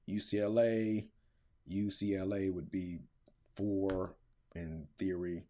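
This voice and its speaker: A man's voice: fairly low pitch, slow, dark tone. A middle-aged man teaching, walking through a lesson in a casual, thinking-aloud way, with filler words and slang. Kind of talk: screen-recorded classroom tutorial.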